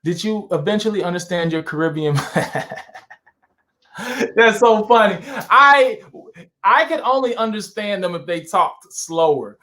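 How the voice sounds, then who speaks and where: High-voiced man telling stories. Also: a little slow, long pauses, a little hiss or hum. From Saint Louis, USA. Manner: animated, tells anecdotes with lots of fillers. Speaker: interview guest. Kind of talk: casual storytelling chat.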